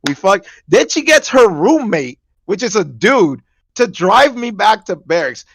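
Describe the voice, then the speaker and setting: A young man casually telling stories on a podcast, animated, jumping into high voices when he quotes people. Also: a little slow, creaky, dry recording. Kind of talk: casual storytelling chat.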